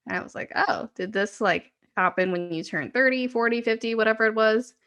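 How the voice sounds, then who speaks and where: A woman's voice: fairly high pitch, a little fast, fairly bright tone. A woman in her twenties, co-hosting a podcast, telling rambling stories in casual chat with frequent "like". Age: 20s. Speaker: podcast co-host.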